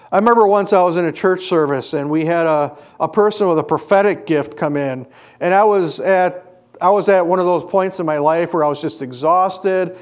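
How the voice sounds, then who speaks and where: A middle-aged male preacher delivering a sermon and telling a personal story, earnest, rising to emphatic peaks and dropping quiet. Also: fairly high pitch, moderate pace, smooth.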